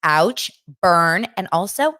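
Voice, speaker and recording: Chatty gossiping woman, lively low voice. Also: slow pace, no echo, studio quality. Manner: chatty, gossipy, animated storyteller. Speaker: podcast host. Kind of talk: casual reality TV recap.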